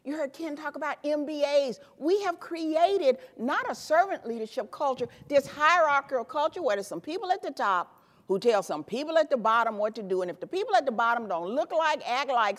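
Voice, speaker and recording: Woman, 50s, from Tennessee, high voice, emphatic motivational keynote speaker, stage mic in a reverberant hall. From Tennessee, USA. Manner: animated, emphatic, punchy repeated phrases. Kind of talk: motivational speech. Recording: echoey hall with long reverb.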